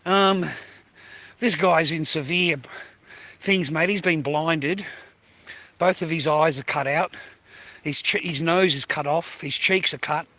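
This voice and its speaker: A man's voice: a little high, slow pace, pauses often, sharp tone, dry recording. A man with an Australian accent, vlogging outdoors while walking through a neighbourhood, rambling crudely and filling his talk with "mate" and "you know.". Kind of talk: rambling casual vlog.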